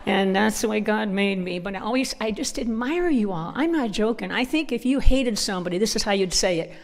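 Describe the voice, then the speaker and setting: A woman's voice: mid-range voice, fairly quick. A woman with a northern US accent, speaking at a church conference and telling personal stories in a chatty way, often laughing. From northern United States. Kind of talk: personal storytelling talk.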